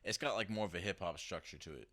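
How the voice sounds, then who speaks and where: A man from near Boston, his accent softened by the South, interviewing a guest in relaxed, slangy, profane chat. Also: sits low, fast talker, dry recording, clean studio sound. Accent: Boston-area American softened by the South. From near Boston, USA. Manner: relaxed, slangy, swears often.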